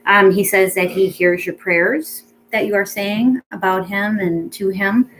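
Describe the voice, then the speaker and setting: A woman speaking as a pet psychic medium in a casual reading, chatty and rambling with many ums, gentle and reassuring. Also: mid-range voice, steady tone, measured pace, slight background noise, rough recording.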